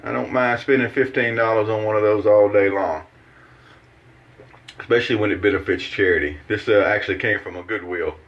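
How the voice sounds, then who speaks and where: A man's voice: lowish voice, steady tone, brisk, lo-fi sound. A man hosting a shaving video, chatting casually in a folksy, rambling way with lots of fillers as he shaves at his bathroom sink. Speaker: shaving channel host. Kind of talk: casual how-to chat while shaving.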